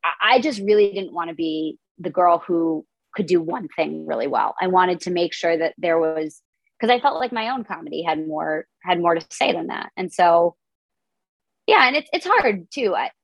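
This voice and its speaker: A woman in her twenties talks in a casual, upbeat podcast chat, her words tumbling out between filler words. Her voice sits on the low side, with a gravelly fry. The sound is dry and close. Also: lively intonation, normal speed, dry recording, dull audio. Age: 20s. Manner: chatty, upbeat, lots of "like" fillers. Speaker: comedian and content creator, guest.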